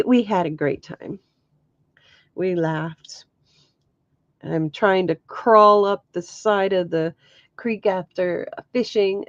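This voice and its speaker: A middle-aged woman who vlogs about crafts chats casually to the camera, telling stories with frequent laughs and exclamations. Her voice is medium-pitched and a little mellow, and the lo-fi recording has no room sound.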